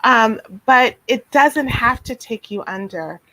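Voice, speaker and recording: Gentle, higher-voiced woman on a call. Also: lively intonation, takes it slowly, dry recording, rough recording. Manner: gentle, reflective, many fillers and restarts. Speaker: guest therapist. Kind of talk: casual interview talk.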